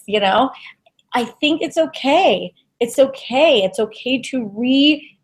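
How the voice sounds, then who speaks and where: A woman giving an intuitive tarot reading on a web show, soft and halting, with many fillers. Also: medium pitch. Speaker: tarot reader.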